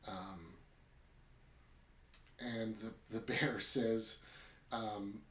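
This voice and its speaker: A man's voice: lowish voice, steady tone, drawn-out words, pauses often, a bit bright. A man hosting a podcast, casually retelling a short story and then reviewing it in a rambling way, often tacking on "right?". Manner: chatty, rambling, keeps adding "right?". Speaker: podcast host. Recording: roomy echo.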